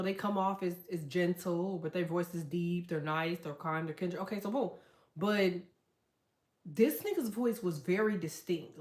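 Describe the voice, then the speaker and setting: A woman hosting a casual livestream, telling stories in a loud, profane, animated way and reading out chat comments. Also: medium pitch, echoey room. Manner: profane, animated storytelling with quoted voices.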